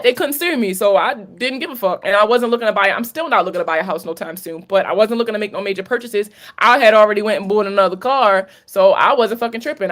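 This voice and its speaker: A woman with a Maryland accent hosts a casual late-night livestream Q&A as a credit coach. She talks in a candid, chatty way, swearing freely and mixing in slang. Her voice sits at a middling pitch. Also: fairly bright tone. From Maryland, USA. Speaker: credit coach hosting a live Q&A.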